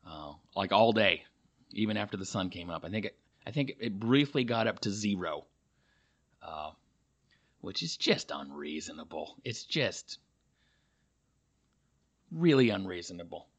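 A man's voice: sits low, lively intonation, measured pace, pauses often. A male comedian talking through a casual, rambling monologue, full of fillers and self-deprecating asides. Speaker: comedian and podcast host.

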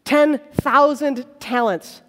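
A woman preaching a sermon in a large hall, telling the story in an animated, playful way. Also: high voice, takes it slowly. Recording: long hall reverb.

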